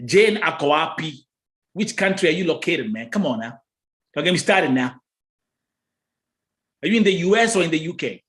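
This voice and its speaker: A man's voice: fairly high pitch, lively intonation, moderate pace, pauses often, fairly bright tone. A man with a Kenyan accent hosting a live stream, chatting casually and teasing his viewers. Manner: teasing, playful, bantering.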